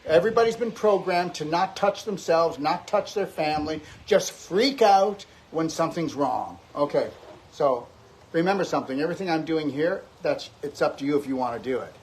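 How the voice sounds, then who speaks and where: A man's voice: a little high, animated, normal speed, a little hiss or hum. Emphatic man coaching a self-treatment demo. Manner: emphatic, frequent "okay?" check-ins; physically clapping his own neck and back while talking. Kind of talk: instructional demonstration.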